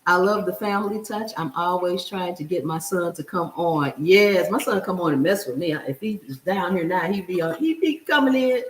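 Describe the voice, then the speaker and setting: A middle-aged woman talks through a live cooking stream, reading viewer comments aloud and answering them as she works. Her voice sits low but swings widely in pitch as she talks. The home kitchen rings with echo around her. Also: expressive, moderate pace, few pauses, slight background noise. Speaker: cooking show host.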